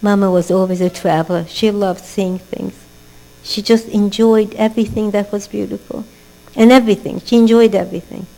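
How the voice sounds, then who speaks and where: A woman's voice: fairly even intonation, normal speed, mellow, rough recording. An older woman teaching a Torah class as a sermon, asking rhetorical questions, weaving in a family story, and building to emphatic exhortations. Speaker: religious teacher. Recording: low mains hum.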